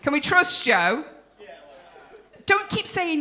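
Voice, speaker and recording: Lively, brash comedy club compere woman. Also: high-pitched, takes it slowly, long pauses. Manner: brash, jokey, swears at the crowd. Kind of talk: compering, crowd work.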